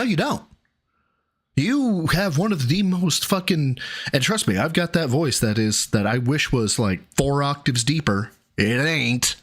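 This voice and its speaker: A man's voice: fairly high pitch, fairly bright tone. A man co-hosting a livestream, ranting and teasing in a profane, exasperated way. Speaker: co-host. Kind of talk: casual livestream banter.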